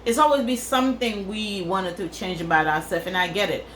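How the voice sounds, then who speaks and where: A woman's voice: mid-range voice, a little fast, a bit bright, reverberant, slight background noise, poor audio. A woman from Africa, telling a crude story in a casual vlog and repeating phrases for effect. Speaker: vlogger.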